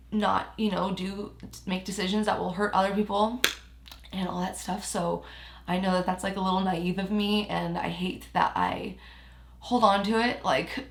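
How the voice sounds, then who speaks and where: A woman's voice: medium pitch, reverberant. A young woman vlogging about her feelings, close to tears, rambling with lots of fillers. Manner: rambling, heavy use of "like", emotional. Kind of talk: emotional personal vlog talk.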